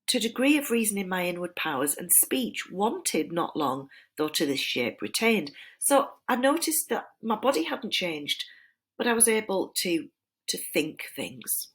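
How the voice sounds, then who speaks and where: A woman voicing a sly, flattering male serpent tempter, wheedling and dropping into breathy whispers. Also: fairly low pitch, exaggerated voice. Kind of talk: dramatized reading of a poem.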